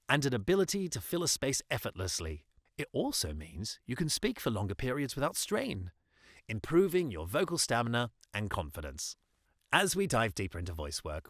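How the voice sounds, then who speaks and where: A man hosting a podcast as a voice coach, delivering a scripted monologue with emphatic, expressive phrasing. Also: medium pitch, dry recording, studio quality.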